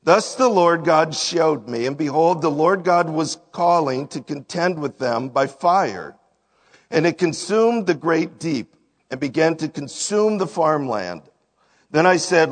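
A man's voice: a little high, animated, slow. A man giving a sermon, reading verses aloud and then explaining them in plain words. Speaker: preacher. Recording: long hall reverb.

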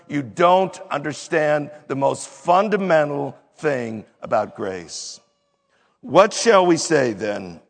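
A man preaching in a slow, deliberate, emphatic sermon. His voice sits a little high and has a gravelly edge. The sound carries a long reverb from a large hall. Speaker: pastor.

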